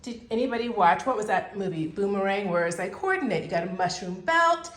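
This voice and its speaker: Woman home vlogger, mid pitch, excitable rambling chat, roomy echo. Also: brisk. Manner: chatty, excitable, rambling with laughs. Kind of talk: casual vlog chat. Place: at home indoors.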